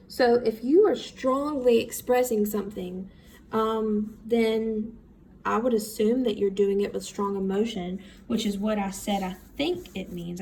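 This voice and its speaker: A woman teacher giving a recorded reading lesson, talking slowly and thinking aloud as she works through words. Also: medium pitch, warm tone, a little hiss or hum. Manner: slow, thinking aloud while writing.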